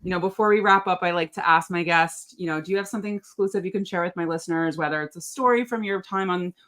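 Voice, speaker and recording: A woman hosting an interview podcast, asking quick, friendly questions. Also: on the low side, a bit bright. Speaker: podcast host.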